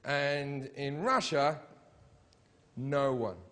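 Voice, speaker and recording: A man doing a stand-up routine before a live audience, profane and mocking, building up to shouted rants. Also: medium pitch, extremely slow. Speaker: stand-up comedian.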